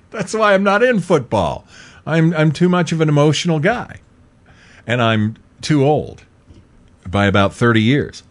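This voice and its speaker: A middle-aged man hosting a show, delivering an opinionated commentary monologue, emphatic and repetitive, jumping from loud outbursts to low asides. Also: expressive, a little slow, long pauses. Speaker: talk show host.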